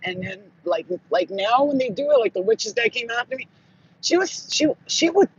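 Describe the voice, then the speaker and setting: A man telling spiritual stories in casual monologue, profane and animated, acting out what people said. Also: extremely high pitch, moderate pace, husky, muffled recording. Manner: profane, animated, acts out quotes. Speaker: spiritual channel host.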